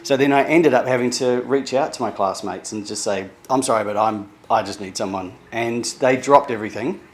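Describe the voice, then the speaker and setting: A middle-aged man from New Zealand talking candidly in a personal vlog, halting and emotional, with many restarts. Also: mid-range voice. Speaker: vlogger sharing therapy progress.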